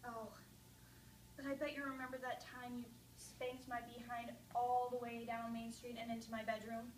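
A woman's voice: fairly high pitch, flat delivery, moderate pace, a little hiss or hum, lightly acted. A teenage girl performing a monologue as a grieving young mother speaking at her father's grave, tender and reminiscing. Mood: wistful. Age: late teens. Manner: tender, reminiscing, rising to anguished outbursts. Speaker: student performer. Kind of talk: oral interpretation monologue. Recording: echoey room, mic at a distance.

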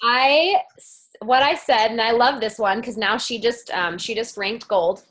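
A woman's voice: on the high side, measured pace, a bit bright. Upbeat woman coaching a sales team. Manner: enthusiastic, acts out dialogue in her stories. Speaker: guest speaker on a sales team call. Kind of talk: casual coaching talk.

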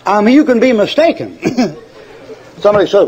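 A man's voice: sits high, sing-song, a little slow, pauses often. An older man preaching a fiery, folksy sermon to a congregation, mocking his opponents and laughing at his own joke stories. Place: church before a congregation. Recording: dull lo-fi sermon tape.

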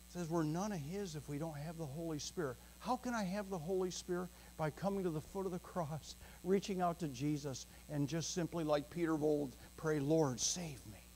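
Captured on a low-quality recording, a fairly high-pitched male pastor delivers an earnest, emphatic sermon in a church sanctuary. He alternates slow, weighty phrases with quick bursts and occasionally lets out a soft chuckle.

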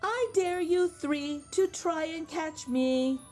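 A woman's voice: very high-pitched, slow, darkish tone, faint music behind, voice pushed up. A woman voicing a cheeky magic wok that chants a sing-song rhyme. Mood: taunting.

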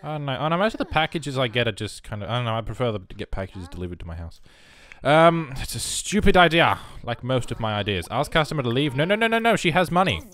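An excitable man, rambling through casual gameplay commentary and bursting into shouts. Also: mid-range voice, fast talker. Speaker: game streamer.

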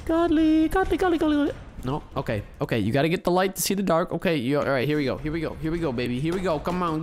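A gaming video host giving casual, excitable gameplay commentary and chatting with viewers. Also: medium pitch.

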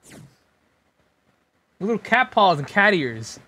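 Excitable swearing woman streaming a game. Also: mid-range voice, slow, slightly rough. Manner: excitable, swearing, yelps and shouts. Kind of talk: live gaming stream commentary. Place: home desk. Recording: game music playing behind.

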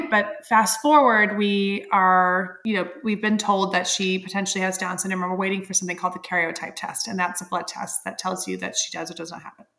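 A woman's voice: mid-range voice, steady tone, fairly quick, few pauses, a bit bright. A woman in her thirties, a podcast guest, telling a personal story candidly and with feeling, laughing often and using many fillers.

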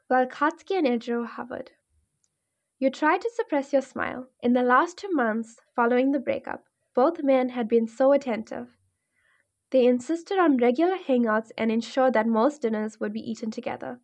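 A woman narrating a second-person fan fiction story in a smooth, even storytelling manner. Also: fairly high pitch.

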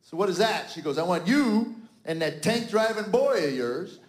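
On stage before a live audience, a man in his fifties does stand-up, playing an exasperated dad acting out arguments with his family. His voice is high-pitched with lively intonation at a normal speed, and the live venue sounds roomy.

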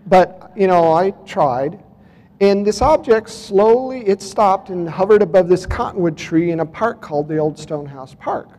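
A man's voice: high-pitched, normal speed, a little mellow. A man telling a personal story to a conference audience in a casual, wry way. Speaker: conference speaker. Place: large conference hall. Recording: long reverb of a conference hall.

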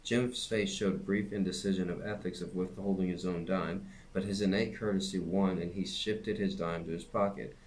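A man reading a novel aloud at a steady pace, with occasional slips and restarts. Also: deep voice, moderate pace, few pauses, slight background noise. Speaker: reader and teacher.

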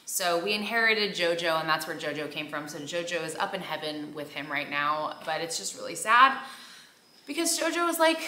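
A woman's voice: deep voice, animated, brisk, pushed and bright, a little hiss or hum. A young woman vlogger chatting casually while folding laundry at home, rambling with lots of fillers and sounding tired. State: tired and subdued. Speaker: mom vlogger. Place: home room. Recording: echoey room.

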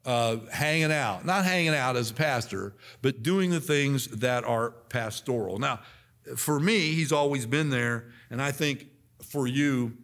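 A man's voice: mid-range voice, measured pace, fairly bright tone. A man in his sixties giving a folksy, conversational church address, repeating himself and leading the congregation in call-and-response. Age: 60s. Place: church sanctuary.

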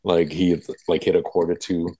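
A man with a very low voice tells a long, rambling story from memory, full of fillers and restarts. His voice sounds dry and close, with no room echo. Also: level tone, moderate pace, mellow, husky. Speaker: guest. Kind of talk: casual interview recollection.

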